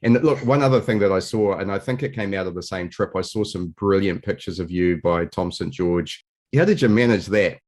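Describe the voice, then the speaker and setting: Deep-voiced male podcast host. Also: brisk, a little mellow. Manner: emphatic, repeats key phrases. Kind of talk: interview conversation.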